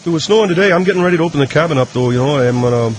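A man's voice: a little high, animated, racing, very noisy, close to an everyday voice. A man voicing a dim, folksy male newsman with a Canadian accent who rambles through gossip in a radio comedy bit. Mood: rambling.

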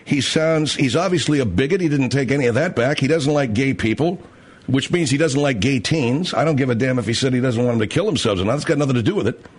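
Animated, blunt-talking male talk host. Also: mid-range voice, quick pace, breathy edge. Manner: blunt and profane, acts out others' voices. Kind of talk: opinionated talk radio rant.

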